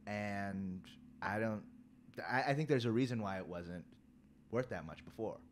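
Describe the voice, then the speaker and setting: A man's voice: lowish voice, a little slow, a little hiss or hum. A man co-hosting a casual podcast, explaining insistently and repeating his point. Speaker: podcast co-host.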